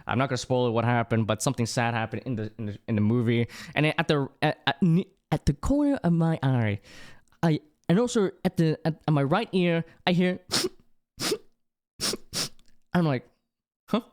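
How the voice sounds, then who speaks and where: A young adult livestreamer chatting casually with viewers, rambling and excitable, with many restarts. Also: medium pitch, moderate pace. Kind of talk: casual chat with stream viewers.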